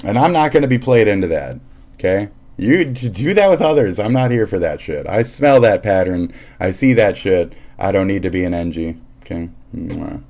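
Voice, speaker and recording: A man's voice: low-pitched, animated, normal speed, a little mellow, highs cut off. A man ranting casually on a live stream, profane and heated, often laughing and acting out quotes.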